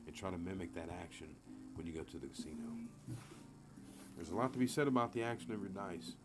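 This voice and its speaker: A man streaming live about craps dice throws, rambling and excitable, swearing freely as he talks. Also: sits low, fast. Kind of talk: casual live-stream talk. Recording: music playing behind.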